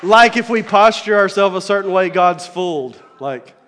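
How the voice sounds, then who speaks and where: Pastor, male, high-pitched, preaching with soft asides and shouted build-ups, reverberant hall sound. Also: lively intonation, moderate pace, some chatter behind. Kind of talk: sermon.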